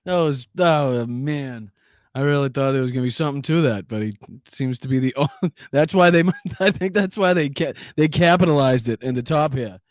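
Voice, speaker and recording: A man's voice: mid-range voice, moderate pace, dry recording, studio quality. A man hosting a livestream, reacting to news clips with mocking, profane commentary and frequent laughter. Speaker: livestream host.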